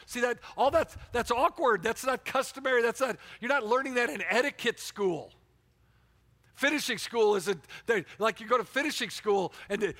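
A man's voice: extremely high pitch, animated, normal speed, pushed and bright. A man preaching a fervent sermon as pastor, with frequent restarts, calling on people in the room. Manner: fervent, repetitive restarts, calls on listeners by name. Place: church sanctuary.

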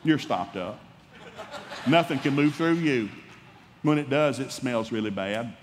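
A man's voice: mid-range voice, a little slow, slight background noise. Folksy preacher man in a reverberant hall. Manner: animated, folksy, humorous preaching that acts out dialogues. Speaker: pastor. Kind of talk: sermon.

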